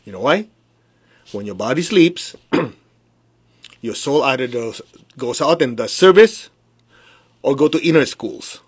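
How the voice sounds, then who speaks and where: A man's voice: mid-range voice, slow, long pauses, slightly rough. A man, a spiritual teacher, giving a conversational motivational talk on a phone livestream, with rhetorical questions and direct address to the audience. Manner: calm guided affirmations. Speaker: spiritual teacher leading a meditation.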